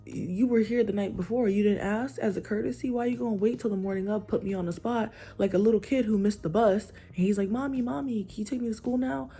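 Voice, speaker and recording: A woman's voice: medium pitch, fairly even intonation, quick pace, hardly any pauses, dark tone, soft background music. A woman ranting in a vlog, blunt and exasperated, swearing freely. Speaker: vlogger.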